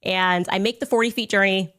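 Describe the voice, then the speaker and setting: A woman in her thirties hosting a podcast, telling a story in a sarcastic, animated way. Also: medium pitch, brisk. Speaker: podcast host. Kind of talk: storytelling monologue.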